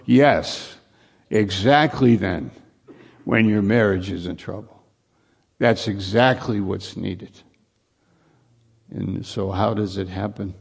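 A male preacher delivers a sermon in a low, gravelly voice. He talks at an unhurried pace, circling back over his points earnestly and rising into emphatic lines.

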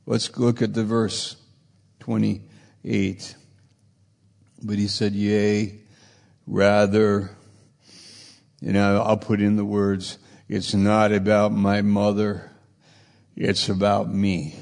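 A man's voice: fairly low pitch, little pitch movement, slow pace, gravelly, long pauses, darkish tone, long reverb tail. A man preaching a sermon, with repetitive, emphatic phrasing.

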